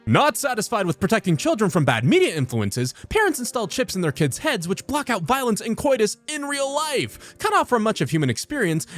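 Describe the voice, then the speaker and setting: A voice actor reading funny online posts aloud for comedy, talking in an animated way with swooping pitch and sudden silly character voices.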